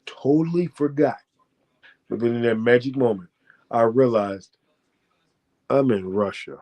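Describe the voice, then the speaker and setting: An American man, a former fighter, telling a profane, boastful story as a guest and breaking into loud shouted quotes. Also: mid-range voice, measured pace. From United States. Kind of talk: animated storytelling.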